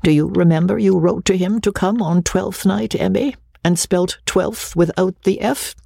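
A man voicing a jovial, teasing older gentleman who mocks his son, in a breathy, lifted voice. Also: high-pitched, normal speed, dry recording, studio quality, pitched above the performer's own voice, heavily acted. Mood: wry. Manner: mocking, bantering.

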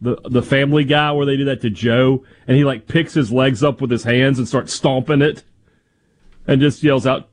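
A man co-hosting a radio show, joking with quick asides in casual banter. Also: medium pitch, fairly even intonation, slight background noise.

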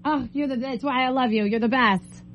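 A woman's voice: high-pitched, normal speed, fairly bright tone, slight background noise. A young woman hosting a morning radio show, chatty and teasing as she talks with callers in a studio. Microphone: studio mic.

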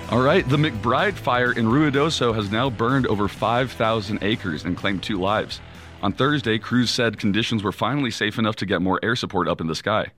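A man reading news headlines on a morning radio show in a measured way. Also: lowish voice, a bit bright. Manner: measured reading, quick laughs in chat. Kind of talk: news reading and casual chat.

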